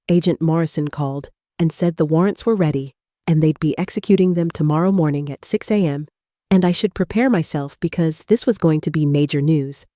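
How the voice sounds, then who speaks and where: An older woman tells a first-person story in an even, unbroken flow, joining clause after clause with "and". Her voice sits low and mellow. The sound is close and dry. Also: dry recording. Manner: even, long chains of clauses joined by "and". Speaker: narrator.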